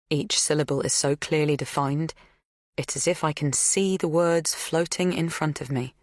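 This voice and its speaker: A woman narrating an audiobook in a measured, even reading. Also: sits low, dry recording, studio quality. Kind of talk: scripted first-person narration.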